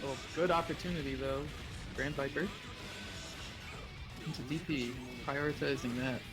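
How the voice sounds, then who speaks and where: A man commentating a fighting-game tournament live, relaxed play-by-play with short excited calls. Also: medium pitch, normal speed, low-quality recording. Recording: commentary over game music.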